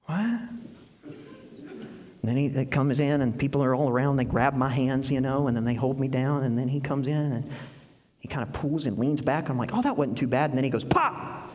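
A middle-aged male pastor preaching a sermon, telling stories animatedly and sometimes acting them out with high cries. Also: fast talker. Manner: animated storytelling, acts out voices with high-pitched cries. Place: church hall. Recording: dull sound, long hall reverb.

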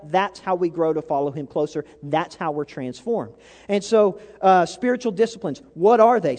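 A man preaching in a conversational, animated way, voice pitched high for a man. He often circles back, repeating words as he builds a point. His voice rings with a long hall reverb. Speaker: pastor. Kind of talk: sermon.

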